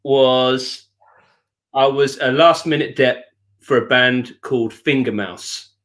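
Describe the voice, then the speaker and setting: A man from England co-hosting a live music chat show, telling an anecdote in an animated way and often laughing. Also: medium pitch, takes it slowly. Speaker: show co-host. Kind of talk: casual storytelling chat.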